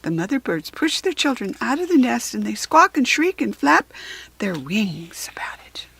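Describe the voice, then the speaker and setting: Woman reading as a soft, patient mother kangaroo, storybook, breathy edge. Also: a little high, big pitch swings, normal speed, exaggerated voice. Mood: explaining. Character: gentle, worried mother kangaroo.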